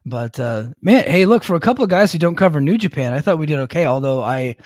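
A man's voice: on the high side, expressive, fast talker, a little mellow, no room sound, studio quality. A man co-hosting a podcast, chatting casually about wrestling with a rambling manner and frequent laughs. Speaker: podcast co-host.

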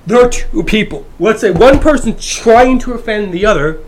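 A man's voice: high-pitched, expressive, normal speed. Brash, profane man ranting. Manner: profane, brash, swings between shouting and mumbling. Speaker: YouTuber. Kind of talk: casual ranting monologue.

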